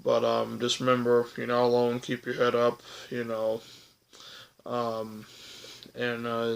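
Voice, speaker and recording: A man's voice: mid-range voice, completely flat delivery, slow pace, vocal fry, poor audio. A young man talking earnestly to camera in a personal vlog, hesitant and full of fillers. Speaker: vlogger.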